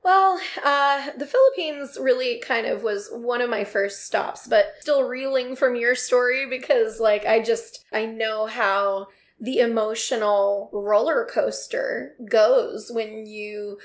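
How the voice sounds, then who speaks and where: A woman's voice: on the high side, slow pace, hardly any pauses. A woman co-hosting a podcast in casual chat, supportive and chiming in with reactions. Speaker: podcast co-host.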